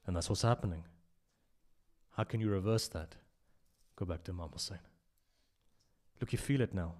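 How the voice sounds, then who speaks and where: Impassioned low-voiced man preaching. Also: normal speed. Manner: impassioned, rising to loud emphasis and dropping to hushed asides. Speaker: speaker at a memorial majlis. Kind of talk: sermon with storytelling.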